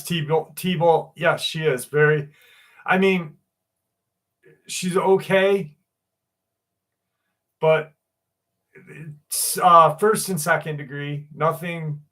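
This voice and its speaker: This man talks at an unhurried, drawn-out pace in a voice pitched a little above most men's. He rambles through a casual story on a livestream panel, full of fillers, restarts and swear words, with a loose, offhand delivery. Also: steady tone, fairly bright tone. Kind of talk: casual chat.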